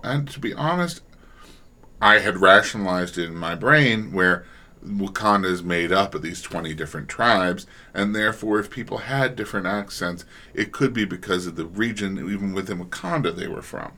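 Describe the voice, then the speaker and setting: A man who directs voice actors, talking reflectively in a relaxed panel discussion and often restarting his sentences. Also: deep voice. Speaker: audio drama director.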